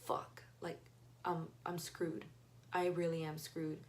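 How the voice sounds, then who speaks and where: Young woman, lowish pitch, casual storytime, blunt and profane. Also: takes it slowly, a little hiss or hum. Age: young adult. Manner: blunt, profane, lively retelling with quoted dialogue. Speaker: vlogger.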